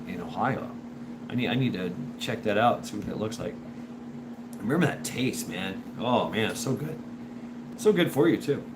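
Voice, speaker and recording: A man hosting a show in a casual, rambling monologue, full of restarts and repeated words, and animated when he imitates other people. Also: medium pitch. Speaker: show host. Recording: noisy background.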